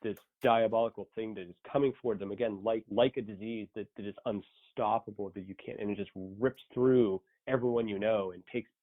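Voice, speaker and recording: A man in casual podcast chat, rambling with halting restarts. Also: on the low side, steady tone. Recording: tinny phone-like line.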